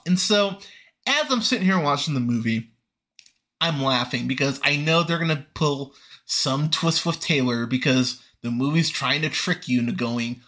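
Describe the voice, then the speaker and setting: A man's voice: fairly high pitch, sing-song, moderate pace, sharp tone. A young man hosting a movie review podcast, ranting with sarcasm and profanity about a film he disliked.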